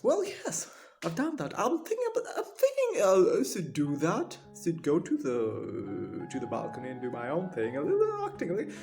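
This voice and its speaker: A pompous, long-winded stage actor with a British accent, played by a man. His gravelly voice leaps wildly in pitch as he rambles theatrically through a mock interview. Faint guitar music plays behind him. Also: darkish tone, heavily acted. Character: pompous washed-up male stage actor, middle-aged. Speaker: fictional actor being interviewed. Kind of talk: comedic mock interview monologue.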